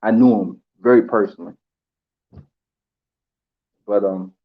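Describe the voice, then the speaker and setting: A man giving an emotional tribute, halting with pauses and fillers as he holds back tears. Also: fairly low pitch, phone-quality sound. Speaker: channel host.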